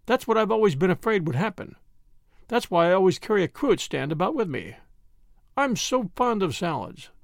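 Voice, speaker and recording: Father Brown, a mild gentle priest, read by a man. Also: high voice, very animated, moderate pace, creaky, no echo, clean studio sound, exaggerated voice. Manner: quiet and mild, turning grave. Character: mild, vague, gently wry middle-aged priest detective.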